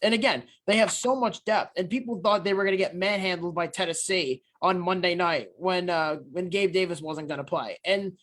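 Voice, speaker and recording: A man with a high, light voice, talking football with his co-hosts. He's blunt and animated, and he swears freely when he gets going. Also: moderate pace, few pauses. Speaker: podcast co-host. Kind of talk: casual sports chat.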